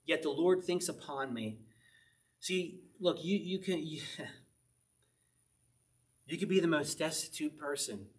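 Chatty pastor teaching the Psalms. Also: male voice, a little high, a little slow, long pauses. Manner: conversational, laughing often, reading scripture aloud. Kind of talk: informal Bible study teaching.

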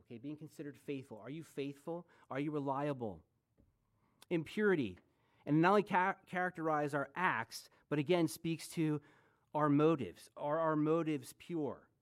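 Joking, conversational preacher in his forties. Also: fairly high pitch. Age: 40s. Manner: conversational, joking asides and rhetorical questions. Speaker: pastor. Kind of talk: sermon.

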